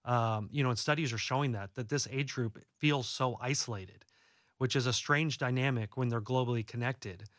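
A man's voice: mid-range voice, moderate pace, a bit bright, no room sound. Earnest man speaking in a dry room. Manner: earnest, reassuring, repeats and restarts words. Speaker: author and guest. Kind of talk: casual faith-based interview talk.

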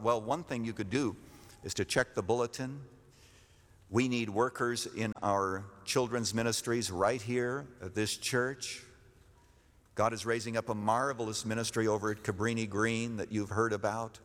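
A man preaching a sermon as pastor, emphatic, repeating his key phrases and rising in pitch to stress a point. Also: fairly even intonation, moderate pace, a bit bright. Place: church sanctuary. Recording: long reverb of a church hall.

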